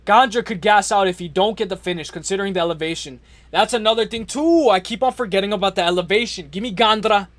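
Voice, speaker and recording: Male streamer, high voice, dry close sound, loose slangy chatter. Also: quick pace, no echo. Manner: slangy, rambling, shouts out chatters. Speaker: livestream host. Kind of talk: casual livestream chat.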